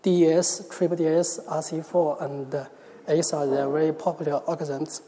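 A man from China, speaking English as a second language with a Chinese accent, giving a careful, measured technical talk at a conference. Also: on the high side, level tone, dark tone. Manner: careful, measured delivery with small restarts. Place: large conference hall. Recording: long hall reverb.

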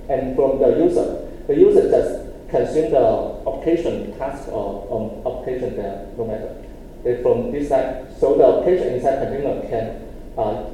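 Very dark-voiced man giving a tech talk. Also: mid-range voice, slight background noise, poor audio. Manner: halting, with frequent restarts and plain phrasing; explaining step by step. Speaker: conference presenter. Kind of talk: technical presentation with live demo.

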